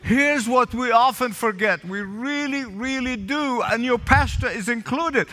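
Preaching in a church sanctuary with a balcony, a man speaks in a very high voice, a little slowly, his tone pushed and bright across the large hall. This pastor calls out for congregational responses and repeats lines for emphasis.

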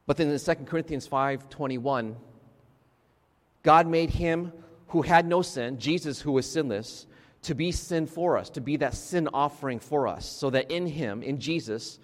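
A man preaching a sermon in a conversational way, checking in with his congregation and restarting his sentences as he goes. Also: mid-range voice. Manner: conversational, frequent restarts and "right?" asides to the congregation. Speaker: pastor. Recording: long reverb of a large hall.

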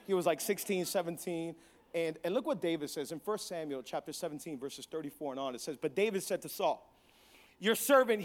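Man, pastor, sermon, very high voice, loud repeated refrains. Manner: preaching with rising volume, repeated call-and-response phrases.

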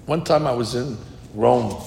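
Male Torah teacher, mid-pitched, lively storyteller; large echoing hall with faint rumble. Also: measured pace, creaky. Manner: lively storyteller, rises to quote Hebrew verses. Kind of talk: Talmud class with storytelling. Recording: long reverb with faint rumble.

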